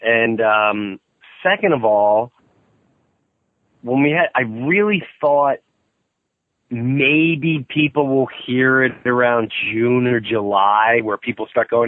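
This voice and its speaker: Animated man on a thin phone-like line. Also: slow pace, dry recording. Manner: animated storyteller, acts out quotes in a high excited voice. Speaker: podcast host. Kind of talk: casual interview chat. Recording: thin phone-like sound, dry.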